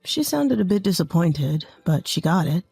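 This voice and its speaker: A woman doing a low, steady young husband. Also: moderate pace, vocal fry, slightly rough, dry recording, faint music behind, full character voice. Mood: reassuring.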